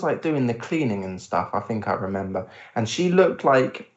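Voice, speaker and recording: A young man co-hosting a podcast in casual chat, animated when telling stories and acting out what others said, swearing freely. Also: mid-range voice, moderate pace. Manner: animated storytelling, acts out quotes, swears. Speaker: podcast co-host. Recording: roomy, dull lo-fi sound.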